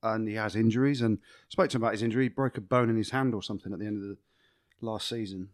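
A man's voice: on the low side, steady tone, rapid-fire, no room sound, studio quality. A man co-hosting a rugby podcast in casual banter, telling jokey stories and swearing. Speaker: podcast co-host.

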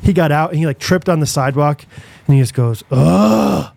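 A young man, co-hosting a podcast, telling a long story in a rambling, animated way full of fillers and restarts. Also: a little high, fast talker, dry recording. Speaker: podcast co-host. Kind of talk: casual storytelling chat.

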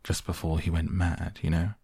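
A man voicing a mournful, quarrelsome hatter in a slow storybook reading. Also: low voice, flat delivery, creaky, warm tone, husky, no echo, clean studio sound, heavily acted. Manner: mournful, argumentative.

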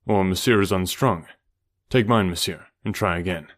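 Guy reading as a calm noble jungle man, low and quiet, slow and courteous. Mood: grave. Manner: grave, measured, courteous. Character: calm, noble jungle-raised gentleman, adult male. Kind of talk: audiobook character reading.

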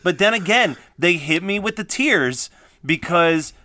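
A man's voice: high-pitched, lively intonation, a little slow, bright, forceful tone, no echo, studio quality. A man co-hosting a casual podcast chat, laughing often and acting out quoted lines. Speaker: podcast co-host.

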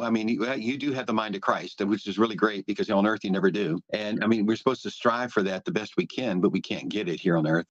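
A man's voice: fairly low pitch, no echo. A man guest on a podcast interview, telling his story earnestly and with animation, often restarting his sentences. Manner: earnest and animated, with frequent restarts and "you know"s. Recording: dull, lo-fi, dry sound.

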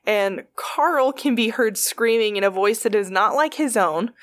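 A woman's voice: on the high side, a little slow. Chatty, profane woman telling stories. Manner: chatty, profane, heavy on fillers. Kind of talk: casual storytelling.

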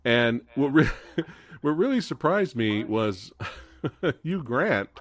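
A man's voice: mid-range voice, big pitch swings, takes it slowly. A man hosting a live podcast, casual and chatty, laughing often and reading out viewer comments. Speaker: podcast host.

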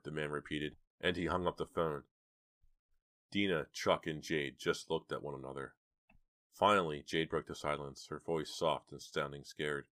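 A man narrating an audiobook in a steady, measured storytelling manner. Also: rumbling low, no room sound, studio quality.

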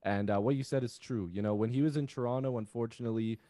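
A man's voice: medium pitch, fast talker, warm tone, no echo, studio quality. A man appearing as a guest on a hockey stream, talking in a laid-back, enthusiastic way. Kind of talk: casual sports chat.

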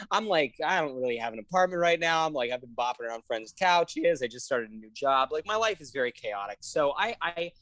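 A woman co-hosting a podcast in casual chat, gushing and excitable, often laughing and swearing. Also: low voice, dry recording. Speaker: podcast co-host.

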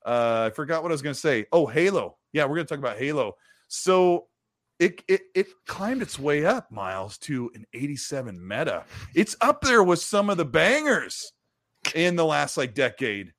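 Rambling male stream host, fairly high voice. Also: very animated, normal speed, fairly bright tone, dry recording, clean studio sound. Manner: rambling, reads viewer messages aloud. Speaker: host of a gaming stream show. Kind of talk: casual live-stream chat.

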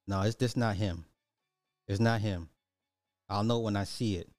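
A man's voice: lowish voice, measured pace, no room sound, studio quality, soft background music. Loose-talking man ranting casually. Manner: loose, animated, swears, repeats himself.

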